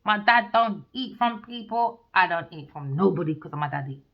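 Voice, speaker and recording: A woman's voice: lowish voice, lively intonation, normal speed. A woman giving a casual tarot reading in a blunt, profane, ranting way. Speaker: tarot reader. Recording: dull lo-fi recording.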